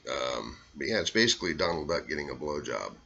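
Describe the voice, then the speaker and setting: Deep-voiced middle-aged Southern vlogger, rambling and self-deprecating, bright tone, dull lo-fi sound. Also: male voice, sing-song, brisk, vocal fry, slightly rough. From Arkansas, US South. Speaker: vlogger doing impressions. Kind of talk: casual monologue to camera.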